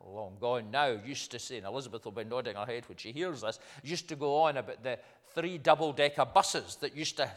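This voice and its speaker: A man's voice: medium pitch, fairly bright tone, in a large hall. An older man, a minister preaching a sermon in a conversational way, building up to emphatic points. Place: church.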